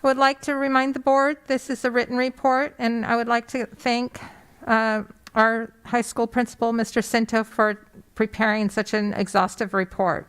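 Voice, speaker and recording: A woman's voice: fairly high pitch, level tone, moderate pace, a bit bright, clean tone. A woman chairing a school board meeting, running through agenda items in a formal, procedural way.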